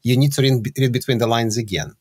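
A man's voice: medium pitch, quick pace, darkish tone, slightly rough. A man from Russia, co-presenting a live webinar with dry, self-deprecating humor. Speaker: co-presenter, licensing expert.

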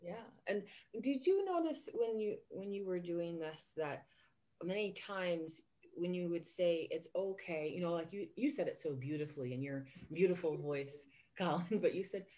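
A woman hosting a podcast, talking earnestly and warmly in a casual interview chat. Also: lowish voice, expressive, normal speed. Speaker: podcast host.

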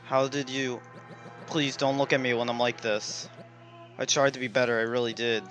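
A man reading aloud the lines of a remorseful, cursed male creator from a horror video game, quickly and plainly, with faint music behind. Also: medium pitch, flat delivery, a bit bright, lightly acted. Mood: regretful.

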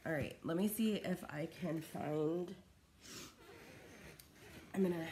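A woman with a low, deep-set voice chats casually through an unboxing of craft supplies at home. She gushes and wanders from thought to thought, coughing now and then and sounding a little short of breath. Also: lively intonation, moderate pace, pauses often, noisy background. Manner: chatty and scattered, gushing over small items. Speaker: craft vlogger opening fan mail. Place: at home in her living room.

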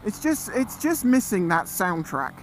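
A man talking casually as he rides a motorcycle, chatty and excitable, often exclaiming. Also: high voice, measured pace. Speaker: motorcycle vlogger. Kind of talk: casual ride commentary. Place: outdoors on a moving motorcycle. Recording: loud wind and engine noise.

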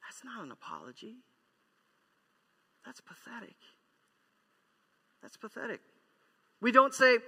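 A man's voice: extremely high pitch, big pitch swings, a little slow, pauses often, sharp tone, breathy edge. A male pastor preaching a sermon, emphatic, repeating key lines and acting out quoted apologies. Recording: long church hall reverb.

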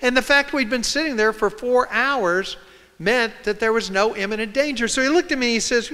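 A man speaks to a hall audience in a high, bright, smooth voice. He tells a personal story and acts out the voices of the people in it. The sound carries the long reverb of a large room. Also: a little fast. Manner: storytelling, acting out quoted voices. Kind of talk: public talk.

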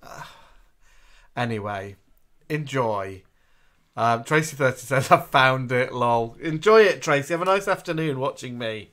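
Man from England, stream co-host, lively pitch, chatty, reads viewer comments. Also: a little slow. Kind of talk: casual chat.

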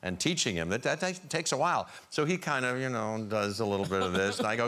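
A man's voice: mid-range voice, lively intonation, a little fast, very noisy. A man guesting on a chat show, telling a chatty anecdote and laughing along. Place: TV studio with audience.

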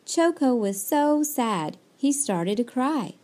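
A woman reading a children's picture book aloud, slowly and expressively. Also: high voice, big pitch swings, mellow. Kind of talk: storybook read-aloud.

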